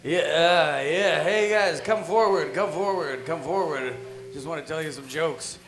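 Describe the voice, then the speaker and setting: A man's voice: a little high, a little slow, a bit bright. A man doing a rambling, awkward stand-up comedy set at a live music venue, padding his jokes with "check it out" and "right?". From Canada.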